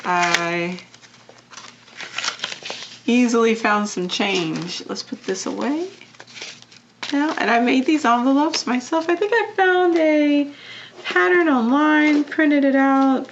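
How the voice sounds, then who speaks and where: A young woman vlogger chatting casually as she counts cash into envelopes, often dropping to a soft murmur. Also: high-pitched, steady tone, slow pace, dull audio, a little hiss or hum. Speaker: vlogger doing budgeting videos.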